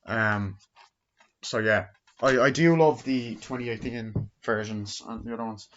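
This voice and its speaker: Recorded dully and lo-fi in his bedroom, a man in his twenties rambles through a profane spoken film review, loudly acting out scenes. His voice is on the low side and fairly bright, and he talks a little slowly.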